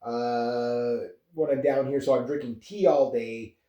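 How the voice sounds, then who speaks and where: Recorded at a distance in an echoey room, this Canadian man in his fifties vlogs to camera with an easygoing, meandering manner and frequent chuckles. He speaks a little slowly in a medium-pitched, mellow voice with a steady tone.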